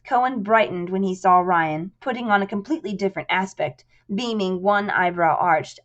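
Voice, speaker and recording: A woman's voice: medium pitch, normal speed, few pauses, lo-fi sound. Woman narrating an audiobook.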